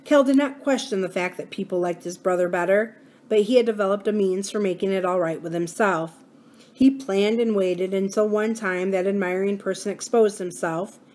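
Woman reading a novel aloud. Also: medium pitch. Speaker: library book-reading host.

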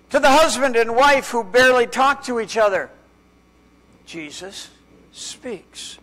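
A male pastor preaching a sermon in a church, with dramatic pauses and strings of rhetorical questions, dropping to a hush on key words. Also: very high voice. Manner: drops to a hushed voice on key words.

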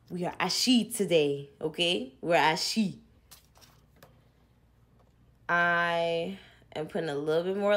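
A woman's voice: fairly low pitch, a bit bright. A young woman chatting casually to viewers while doing a hair tutorial, with playful asides and a mock rant. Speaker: hair vlogger.

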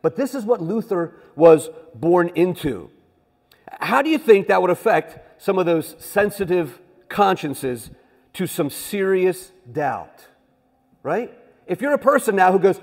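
Man, church class teacher, high husky voice, chatty lecturing with rhetorical questions, long hall reverb. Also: very animated, a little fast, a little mellow. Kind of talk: church history lesson.

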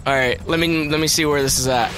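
A man hosting a casual online gameplay chat, yelling excitedly and laughing often. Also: a little high, fast talker, a little hiss or hum. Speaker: gaming channel host.

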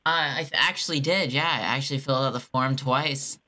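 Here a scam baiter strings along a fraudster on the phone, her very deep voice pushed and bright and moving a little fast. She plays innocent, all sarcasm and teasing.

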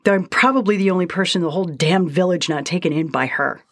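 A woman's voice: lowish voice, fast, no room sound. A woman doing a spiteful young village woman. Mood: curt spiteful. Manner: curt, through clenched teeth.

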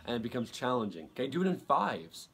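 Man teaching guitar over loud playing. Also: mid-range voice, quick pace. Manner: relaxed, repeats himself, counts beats aloud. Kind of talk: casual instructional talk.

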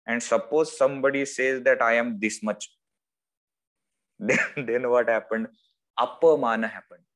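A man with an Indian English accent giving a spiritual discourse over a video call, telling stories with lively swings of voice. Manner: lively storytelling, acts out quoted voices with wide swings in pitch. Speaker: spiritual teacher. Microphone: video call microphone.

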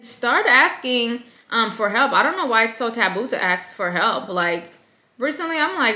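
A woman in her thirties giving self-care advice to moms in a lively, conversational vlog. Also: a little high, unhurried. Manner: lively and conversational, acts out quoted voices. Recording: echoey room.

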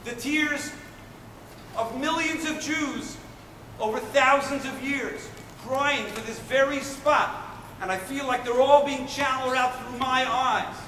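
A man's voice: very high voice, steady tone, slow, far from the mic, a little hiss or hum, full character voice. A young man playing an earnest paratrooper, echoey hall. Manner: earnest, swings from loud urgency to hushed emotion. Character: Israeli paratrooper man recalling a moving battle memory. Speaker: stage performer. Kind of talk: dramatic first-person monologue.

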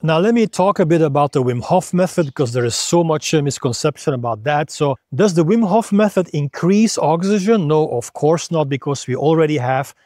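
A man's voice: on the high side, expressive, moderate pace, hardly any pauses, dark tone, no room sound, clean studio sound. A man, a freediving instructor, patiently explaining breathing step by step in a video lesson.

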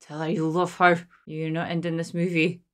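A woman's voice: deep voice, little pitch movement, normal speed, music in the background. A woman, hosting a casual movie reaction, exclaiming and talking back to the screen. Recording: film soundtrack playing behind her.

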